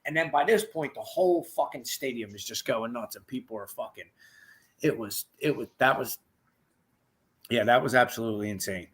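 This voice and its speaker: A man's voice: mid-range voice, moderate pace, a bit bright. A man hosting a podcast, telling a rowdy story in casual, profane chat and acting out the quotes. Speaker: podcast host.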